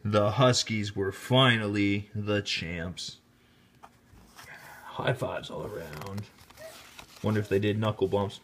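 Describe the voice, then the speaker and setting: A man teacher reading a children's picture book aloud, animated and rising to high excited shouts at the exciting parts. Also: takes it slowly, long pauses. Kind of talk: children's storybook read-aloud.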